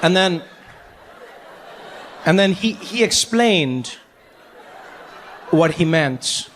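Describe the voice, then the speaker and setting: A middle-aged man with a South African accent doing animated, self-mocking stand-up storytelling. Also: high-pitched, extremely slow, big-room sound, some chatter behind, slight background noise. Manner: animated, self-mocking, rising to near shouts. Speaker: stand-up comedian.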